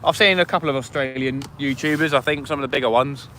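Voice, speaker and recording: Bright young guy on a riverbank livestream, chatty, thanking everyone, bit of faint road noise. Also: medium pitch, fast talker. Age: 20s. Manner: chatty, thanks viewers warmly and eagerly. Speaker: fishing livestream host. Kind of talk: casual livestream chat. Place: outdoors by a river at night.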